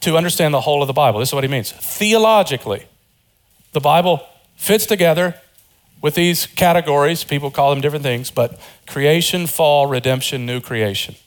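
A man preaching a sermon as pastor, earnest, rising to high emphatic peaks and dropping low and quiet, with informal joking asides. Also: a little fast.

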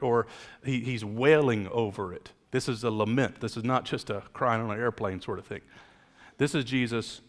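A man's voice: mid-range voice, a bit bright, in a large hall. A man preaching a sermon, moving between casual storytelling with jokes and emphatic preaching. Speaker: pastor.

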